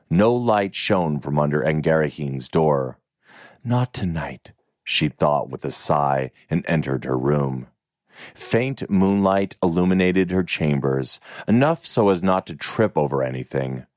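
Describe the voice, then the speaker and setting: A man narrating a fantasy novel in an expressive, even storytelling manner. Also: sits low, no room sound, studio quality. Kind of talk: audiobook narration.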